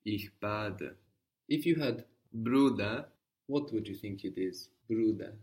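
Male tutor, low-pitched, patient and prompting, recorded at a distance. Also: darkish tone. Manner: patient, prompting, repeats answers slowly. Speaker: language teacher. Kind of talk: guided language lesson.

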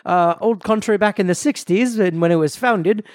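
High-pitched, put-on Irish accent, boastful old superhero, rambling, close dry mic, man doing a voice. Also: moderate pace, no room sound, lightly acted. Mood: blustery. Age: older. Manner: blustery, rambling improv.

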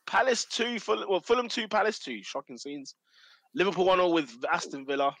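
Lad, bright energetic host, slangy banter. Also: male voice, sits high, fairly quick, no echo. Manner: slangy, loud, laughs a lot. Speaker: podcast host. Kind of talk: casual banter.

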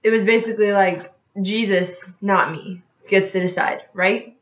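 A woman's voice: medium pitch, steady tone, measured pace. A young woman hosting a podcast, talking frankly and rambling, upset and close to tears. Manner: rambling and frank, heavy use of "like". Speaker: podcast host. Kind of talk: candid casual vlog talk. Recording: roomy, dull lo-fi sound with faint music.

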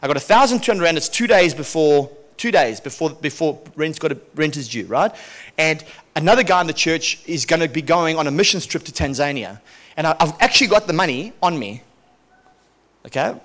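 A male pastor preaching a sermon, telling a personal testimony in a lively, chuckling way and often repeating himself. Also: fairly high pitch.

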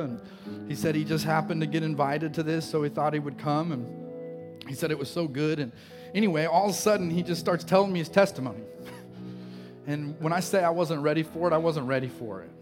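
This pastor's voice sits on the high side, steady in tone and brisk, with a long reverb tail. Recorded live with music in the background, his sermon builds in passion through a story before he invites people to come forward.

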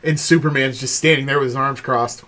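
A man's voice: medium pitch, steady tone, a little fast, noisy background. A man co-hosting a casual pop culture podcast, chatting with small restarts. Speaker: podcast co-host. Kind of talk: casual chat.

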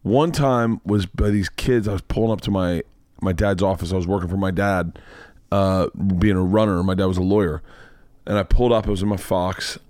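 A man hosting a podcast, telling a profane, animated story in casual chat and acting out the voices in it. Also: low-pitched, fairly quick, dry recording, studio quality. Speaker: podcast host.

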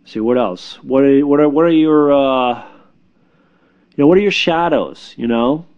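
A man who works as a spiritual healer, giving casual spiritual advice in a reassuring, halting way, with repeated words and fillers. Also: mid-range voice, a little mellow, smooth, highs cut off.

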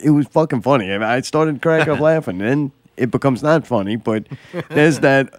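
A man's voice: medium pitch, moderate pace, no room sound. A young man hosting a podcast, telling crude, joking stories in casual chat. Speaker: podcast host.

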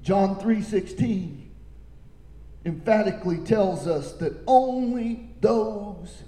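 Male pastor, high mellow voice, slow deliberate sermon delivery, booming church reverb. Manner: preaching with big swings, from shouts down to low quiet lines. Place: church sanctuary. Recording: echoey hall with long reverb.

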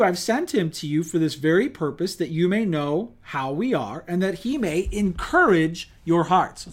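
A man preaching a sermon in a lively, conversational way, asking rhetorical questions and acting out little quotes. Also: sits high. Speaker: pastor.

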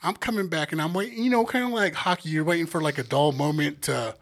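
Young male podcast co-host: crude, lively storyteller with a somewhat high voice. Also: fast. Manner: animated storytelling, acts out quotes. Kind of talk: casual profane podcast banter.

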